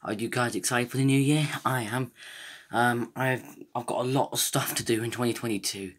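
Breathless excited young man vlogging. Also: mid-range voice, normal speed. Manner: excited, rambling with restarts. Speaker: gaming YouTuber. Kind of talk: casual vlog countdown.

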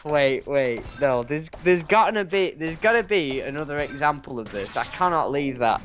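A man co-hosting a casual gameplay session, goofy and laughing often, his pitch jumping high when he jokes. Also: expressive, moderate pace, fairly bright tone, a little hiss or hum. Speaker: gaming co-host.

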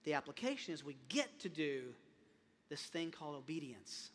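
A male pastor preaches in a high, bright, ringing voice. He is impassioned, often doubles back on his words and then climbs to loud, emphatic peaks. His voice carries the long reverb of a large sanctuary. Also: very animated, normal speed. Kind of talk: sermon.

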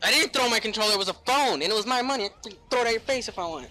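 A man giving gameplay commentary as a gaming YouTuber, cursing and yelling in frustration. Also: high-pitched, animated, fast, few pauses, slight background noise.

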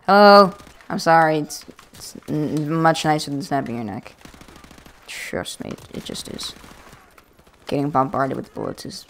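A woman's voice: low-pitched, unhurried, a little hiss or hum. A woman giving chatty, rambling let's-play commentary with self-mocking jokes, into a USB desk microphone. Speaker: gaming video creator.

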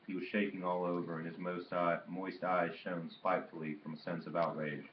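A man reading a novel aloud in a steady, measured narration, in a dull, roomy recording. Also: low-pitched, slight background noise. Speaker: audiobook reader. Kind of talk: literary audiobook narration.

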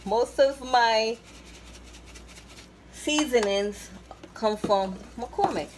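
Slow-talking woman hosting a cooking show. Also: fairly high pitch, background noise. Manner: chatty, repeats herself fondly. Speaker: cooking channel host. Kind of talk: casual cooking narration. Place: home kitchen.

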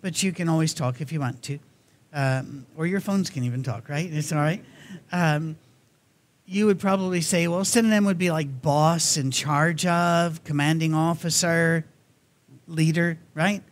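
Conversational male preacher, slightly high voice. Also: unhurried. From Scotland. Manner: conversational, storytelling. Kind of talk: sermon. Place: church.

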